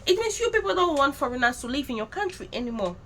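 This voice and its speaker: A woman's voice: high-pitched, big pitch swings, fast, a bit bright, a little hiss or hum. A woman vlogger talking straight to her viewers, direct and scolding. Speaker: YouTube commentator. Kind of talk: vlog commentary to viewers.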